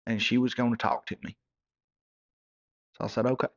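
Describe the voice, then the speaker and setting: A gravelly, fry-edged man in his thirties rambles through a comic hard-luck story, tripping over his own words. His hillbilly drawl sits at a middling pitch, heard through a dull, lo-fi recording. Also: level tone, moderate pace. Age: 30s. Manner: hillbilly drawl, stumbling repeats. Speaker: comedy character narrator. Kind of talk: rambling comic monologue in character.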